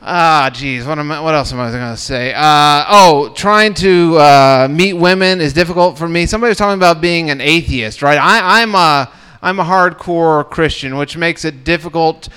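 A man doing an awkward, self-deprecating stand-up set at an open mic night, with halting delivery. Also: on the high side, bright, forceful tone, clean tone. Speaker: stand-up comedian. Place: comedy club open mic.

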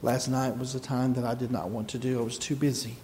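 Man preaching softly in an echoing hall. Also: mid-range voice, flat delivery, a little hiss or hum. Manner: soft, slow, then rising to fervent emphasis. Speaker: pastor. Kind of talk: sermon. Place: church sanctuary.

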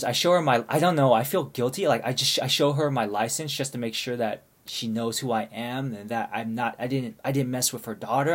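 A man telling a long story in casual chat, rambling with many restarts and asides. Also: mid-range voice. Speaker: storyteller asking for advice.

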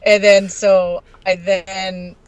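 A woman guest on a podcast, telling a story in a brash, profane and animated way. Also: mid-range voice, slow pace, rough recording. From Arizona.

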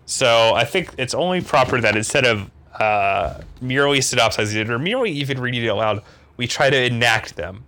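A man's voice: medium pitch, lively intonation, a little fast, sharp tone. A man co-hosting a comedic podcast, steering the discussion in a playful, teasing way. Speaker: podcast co-host.

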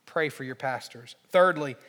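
A man's voice: mid-range voice, normal speed, fairly bright tone, big-room sound. A man preaching a sermon as pastor, earnest and emphatic, driving home key phrases by repeating them.

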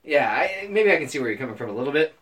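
A man's voice: a little high, very animated, racing, fairly bright tone. A young man co-hosting a podcast, chatting casually and teasing, swearing freely. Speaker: podcast co-host. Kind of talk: casual chat.

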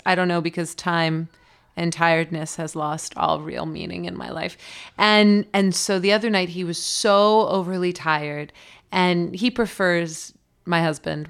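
A woman pastor in her thirties, her voice lowish and smooth, shares reflections and personal stories about faith. She speaks earnestly in a storytelling manner, animating the quotes she relays.

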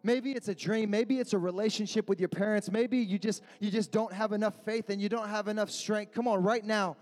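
A young man preaching a youth sermon in a slangy, repetitive style, building to shouted refrains. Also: sits high, steady tone, a little fast. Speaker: youth pastor. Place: youth service gathering.

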